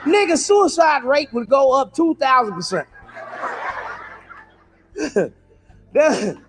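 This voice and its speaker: A man performing a stand-up comedy routine, riffing loudly and profanely with big swings in pitch. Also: very animated, slow pace, slight background noise.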